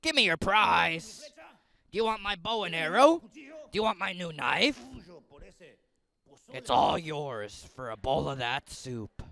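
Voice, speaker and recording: A man's voice: fairly high pitch, sing-song, slow pace, vocal fry, pauses often, sharp tone, exaggerated voice. A man putting on a guttural caveman brother. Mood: pleading. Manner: pleading, pushy, streetwise. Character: gruff hungry grown hunter brother, brutish.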